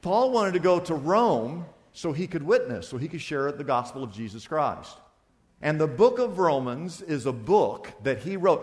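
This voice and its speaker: A man preaching a sermon as pastor, acting out little conversations and swinging between loud and soft. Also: mid-range voice, long reverb tail. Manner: animated preaching, acts out little dialogues with shifts of loudness.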